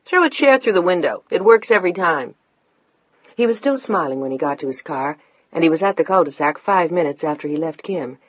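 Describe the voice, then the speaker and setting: A woman narrates a novel in a steady, scripted way, hushing in tense moments. Her voice is very low and husky. The dry recording sounds dull and lo-fi. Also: no room sound. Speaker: audiobook narrator.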